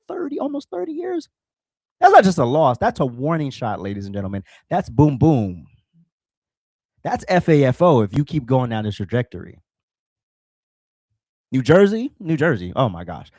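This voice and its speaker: A fired-up man hosts his own show and rants about politics, hammering his points home by repeating them. His pitch leaps up and down as he works himself up. The sound is close and dry, with no room around it. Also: warm tone, dry recording. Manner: fired-up, emphatic, repeats phrases for punch. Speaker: podcast host. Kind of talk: solo political rant.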